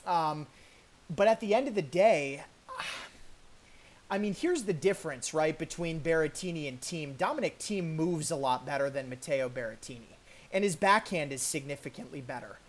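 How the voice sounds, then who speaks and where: A woman co-hosting a tennis podcast talks in a deep, animated voice at normal speed. It's relaxed sports chatter, conversational and loaded with fillers and restarts.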